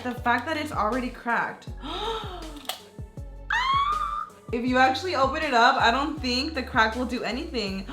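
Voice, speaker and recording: A young woman chatting excitedly in a casual beauty vlog, gasping and swearing casually. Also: on the high side. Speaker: beauty YouTuber. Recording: echoey room, faint music behind.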